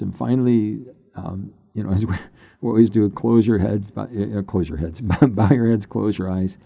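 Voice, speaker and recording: An older man, a pastor, telling his personal testimony in an unhurried, halting way that turns emotional at times. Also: fairly low pitch, vocal fry, dark tone, no echo, studio quality. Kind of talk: personal testimony, conversational storytelling.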